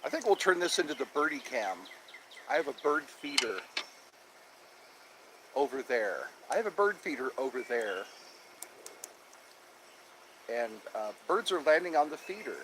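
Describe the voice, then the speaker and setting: Cheery guy livestreaming outside, slow easygoing talk, pitch bouncing all over, birds and faint outdoor hiss behind. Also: sing-song, fairly bright tone. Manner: cheerful, chatty, repeats himself. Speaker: livestream host. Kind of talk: casual live chat with viewers. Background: birds chirping.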